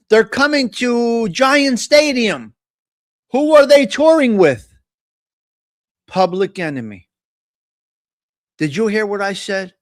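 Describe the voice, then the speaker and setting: Hosting a live morning chat stream, a middle-aged man with a New York-area accent rambles through crude, joking banter in a high-pitched voice. The sound is close and dry, with no echo.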